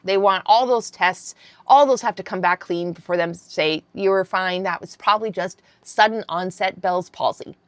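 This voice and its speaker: With a medium-pitched voice and a moderate pace, a woman in her fifties animatedly retells a story on her casual vlog. She is blunt and swears freely, and the recording has no echo.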